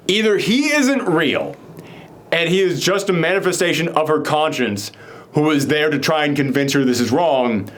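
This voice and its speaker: A man's voice: fairly high pitch, fairly bright tone. A man casually recapping a TV episode with a co-host, rambling with many fillers. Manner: rambling, filler-heavy, quick mock voices for characters. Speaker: podcast co-host.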